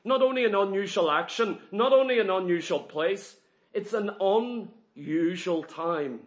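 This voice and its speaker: A man with a very high voice preaches a sermon to a gathered congregation. He drives his points with rhetorical questions and repetition, rising to loud, forceful peaks. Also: unhurried.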